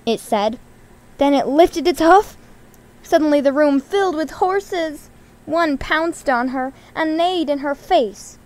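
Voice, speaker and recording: A woman's voice: high-pitched, slow pace, noisy background. Woman reading a children's story aloud. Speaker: reader.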